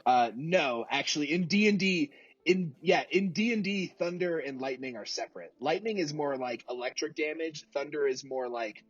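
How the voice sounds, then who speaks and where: A man's voice: a little high, normal speed, slightly rough, no room sound. A man narrating as game master of a tabletop role-playing game, talking hesitantly with many fillers. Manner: hesitant, many fillers and restarts, laughs easily. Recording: dull lo-fi mic.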